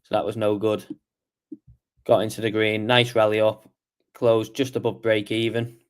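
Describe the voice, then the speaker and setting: A man's voice: on the low side, level tone, moderate pace, smooth. A man hosting a casual market review stream, tired and yawning as he walks through charts and answers chat questions. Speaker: trading show host.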